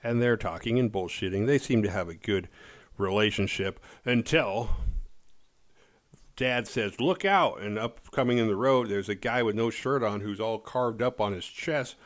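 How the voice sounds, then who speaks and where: A man's voice: on the low side, normal speed. A man in his forties hosting a horror movie review show, recapping a film in a rambling, offhand way and swearing freely.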